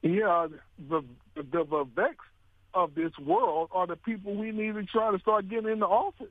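A man's voice: sits high, steady tone, moderate pace, dry recording. A man chatting on a political talk radio show, emphatic, laughing often and asking rhetorical questions. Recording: dry tinny phone-like radio sound.

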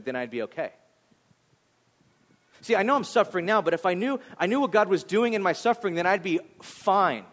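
A man with a high voice preaches in a loose, talky way. He swings from bright acted-out voices to quiet, hushed moments as he speaks to his congregation as their pastor. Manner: conversational, animated, acts out voices, drops to a near whisper on serious points. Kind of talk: sermon.

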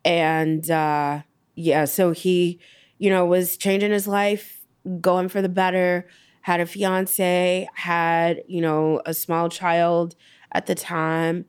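Young woman, interview guest; low, smooth voice, halting and reflective delivery. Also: level tone. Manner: halting, reflective, many fillers. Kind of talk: personal storytelling interview.

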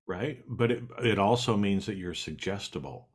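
A man with a very deep voice, hosting a casual conversation. He explains things emphatically to his listeners, with loose phrasing and the odd swear word. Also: normal speed, slightly rough. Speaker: podcast host, hypnotist.

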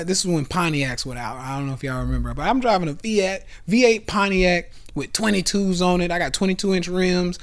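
A man in his thirties with a somewhat high voice talks casually on his own podcast. His delivery is animated, punching up loud bursts and then dropping into low, offhand asides. He swears now and then, the way someone does in relaxed talk. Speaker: podcast host and investment club founder. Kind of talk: casual motivational monologue.

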